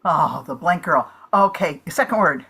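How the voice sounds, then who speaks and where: A woman guessing aloud at a game, her voice bright and lively with plenty of swoops. She talks slowly and unhurriedly, piling up one rambling guess after another over a video call. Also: low-pitched, husky. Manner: rambling guesses, restarts and giggles. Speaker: comedian playing charades. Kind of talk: thinking aloud while guessing.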